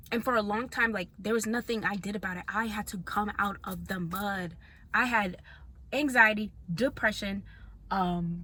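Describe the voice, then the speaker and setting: A young woman vlogger talking straight to camera in a casual monologue, blunt and profane, jumping between loud outbursts and hushed asides. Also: medium pitch, husky.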